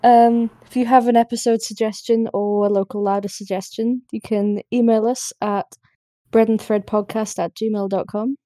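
A young woman with a northern English accent co-hosts a podcast in a calm, easygoing way. Her voice is a little high but mellow in tone. The recording is dry and close. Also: moderate pace, no room sound. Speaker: podcast co-host. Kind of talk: casual chat.

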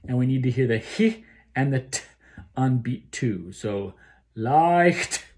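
A man's voice: medium pitch, moderate pace, a little mellow. A man coaching a choir on phrasing, explaining each line and then singing it to show how it goes. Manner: explains phrasing, then sings the lines to demonstrate. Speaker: choir director. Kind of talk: choral rehearsal instruction. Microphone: solo recording for a rehearsal video.

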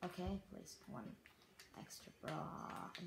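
A young Canadian speaker giving rambling, apologetic let's-play commentary while building in a survival game. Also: female voice, slow pace. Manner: rambling, self-deprecating, apologetic. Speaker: gaming YouTuber. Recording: echoey room with faint noise.

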